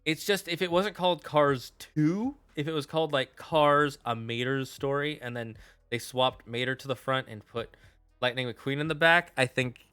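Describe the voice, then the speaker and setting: A man's voice: medium pitch, moderate pace, bright, forceful tone, smooth, dry recording, soft background music. A young adult man streaming casual tier-list commentary, opinionated and swearing as he rants. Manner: opinionated, swears while ranting.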